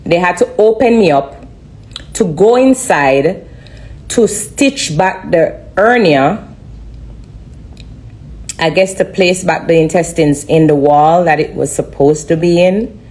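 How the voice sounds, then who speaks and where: Woman, low voice, earnest halting live-stream testimony. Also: a little mellow. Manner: earnest, halting, repeats herself. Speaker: livestreamer sharing a testimony.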